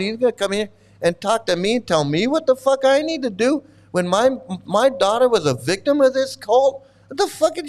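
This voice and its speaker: A man with a notably high voice for his sex delivers a furious, profane reaction rant. He sounds middle-aged, abrasive and mocking, hurling insults and swear words in almost every sentence. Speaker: commentator reacting to videos.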